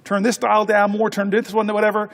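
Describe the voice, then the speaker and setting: A man in his fifties, a senator holding the floor, telling anecdotes in a halting way with repeated words. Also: sits high, completely flat delivery, creaky, background noise. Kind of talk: floor speech with storytelling. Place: large legislative chamber. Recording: long reverb of a large chamber.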